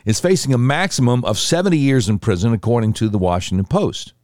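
A man's voice: medium pitch, fast, darkish tone, dry recording, clean studio sound. A man hosting a casual news commentary show, reading articles with sarcastic asides and self-corrections.

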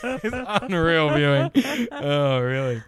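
Aussie bloke on a comedy podcast, sweary and rambly, voice swooping all over the place. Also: male voice, a little high, big pitch swings, takes it slowly, a loud crowd. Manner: rambling, sweary, laughs through his stories. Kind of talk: casual comedic chat.

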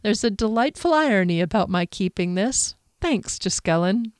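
A woman voicing a tough, blunt female fighter speaking softly. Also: mid-range voice, expressive, moderate pace, smooth, no echo, studio quality, lightly acted. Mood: wry. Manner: blunt, soft-spoken.

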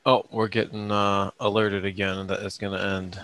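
A man co-hosting a casual truck podcast over a video call, laid-back and quick to laugh. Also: on the low side, little pitch movement, fairly bright tone, dry recording. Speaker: podcast co-host. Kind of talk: casual chat.

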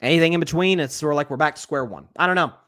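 A man hosting a live sports talk show, talking in an animated way with frequent restarts and repeated words, and reading viewer comments aloud. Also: on the high side, very fast.

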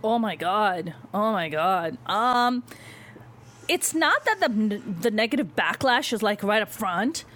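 A woman stand-up comedian telling a story in a casual interview, animated, blunt and full of swearing. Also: mid-range voice, unhurried.

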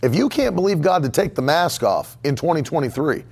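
A male pastor delivers a sermon in a gravelly, fairly high voice. His pitch swings widely as he stresses and repeats key phrases with emphatic conviction. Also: very animated, a little fast, a little mellow. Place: church sanctuary.

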